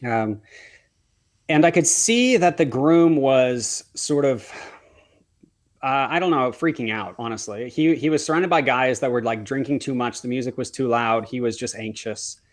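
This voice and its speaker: A man's voice: mid-range voice, moderate pace. A man, a wedding photographer, telling a heartfelt story as a podcast guest, earnestly acting out the dialogue he quotes.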